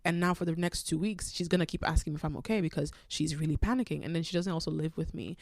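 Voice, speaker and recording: A young woman with a head cold hosts her podcast alone, her voice a bit stuffy and set slightly low. She tells a personal story in a rambling, animated, self-aware way. The sound is dry and close, with no room around it. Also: fast talker, no room sound. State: congested from a cold. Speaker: podcast host.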